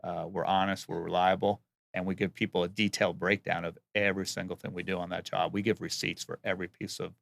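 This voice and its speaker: A man's voice: deep voice, little pitch movement, fast talker, gravelly, fairly bright tone, no room sound. A man who builds and remodels homes, answering interview questions in a plain, earnest way and often restarting his words.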